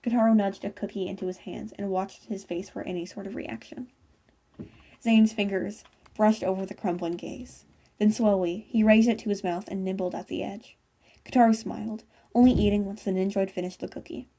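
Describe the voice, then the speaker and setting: Gravelly-voiced woman reading fan fiction. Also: mid-range voice, fairly even intonation, normal speed, warm tone. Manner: casual, with stumbles and self-corrections. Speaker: fanfiction reader.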